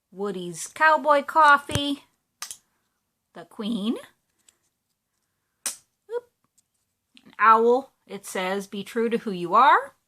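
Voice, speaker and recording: A chatty woman talks in a casual show-and-tell style, gushing over each item with plenty of fillers. Her voice sits a little high and sounds bright and forward. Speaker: cross-stitch vlogger.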